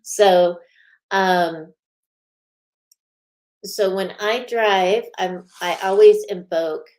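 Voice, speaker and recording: Chatty, unhurried woman hosting a spiritual show. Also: medium pitch, a little mellow. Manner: chatty, laughs often, many fillers. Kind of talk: casual live-stream chat.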